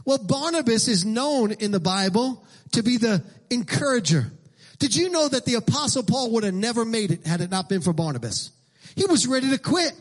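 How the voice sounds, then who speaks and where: A middle-aged man preaching a sermon as pastor, emphatic and repetitive, rising into shouted lines. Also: very high-pitched, sing-song, normal speed.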